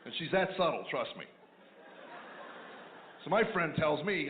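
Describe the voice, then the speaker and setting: A man's voice: on the high side, animated, unhurried, roomy sound. A man doing a stand-up routine, telling wry, sarcastic stories about married life. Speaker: stand-up comedian. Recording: tinny phone-like line with noise.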